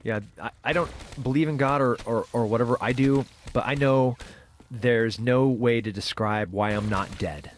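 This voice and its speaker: A middle-aged man as a guest, telling a personal story in a casual interview, halting with many fillers and restarts. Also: mid-range voice.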